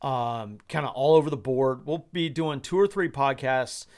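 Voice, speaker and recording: A man hosting a solo podcast, giving rambling commentary in an animated way and laughing often. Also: medium pitch, moderate pace. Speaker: podcast host.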